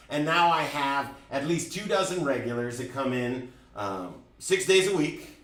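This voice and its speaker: A man at middle pitch tells a personal story to a class, candid and animated, often restarting his phrases. His voice carries from a distance. The room around him is echoey. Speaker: driving school instructor. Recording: roomy, from a distance.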